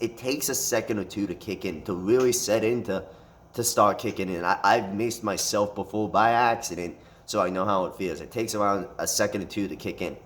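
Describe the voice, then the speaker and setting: A man telling a fight story in a casual storytime monologue, swearing constantly and rambling with restarts. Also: lowish voice. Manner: profane, animated retelling with frequent swearing.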